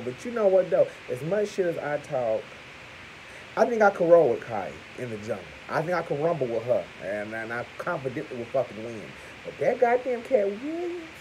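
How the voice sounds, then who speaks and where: A man in character as a security guard, delivering a sassy, gossipy comedic rant to camera with loud exclamations. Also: mid-range voice, slight background noise, rough recording.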